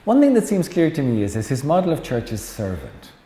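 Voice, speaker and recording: A man's voice: medium pitch, wildly swooping pitch, fairly quick, dark tone. A middle-aged Irish man, a Jesuit priest, giving a chatty lecture full of anecdotes and teasing asides to the audience. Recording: echoey hall with faint noise.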